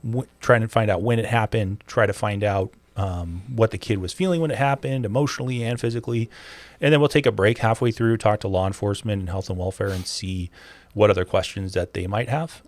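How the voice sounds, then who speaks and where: A man's voice: fairly low pitch, steady tone, a little fast, dry recording. A man talking in a casual podcast conversation, explaining his work step by step and telling stories with a laugh. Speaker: forensic interviewer, podcast guest.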